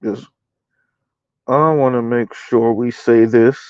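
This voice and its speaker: A man hosting a casual livestream, reading numbers aloud and answering his chat in a relaxed, chatty way. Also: medium pitch, slow, smooth, no echo, dull audio. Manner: casual, chatty, addresses listeners as y'all. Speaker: livestream host.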